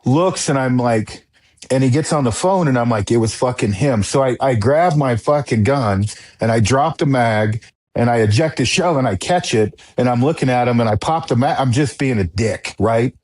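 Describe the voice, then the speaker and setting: A man's voice: mid-range voice, normal speed. A man hosting a podcast who tells a story in casual talk, swearing often and getting worked up. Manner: excitable, profane storyteller. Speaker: podcast host. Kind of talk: casual chat.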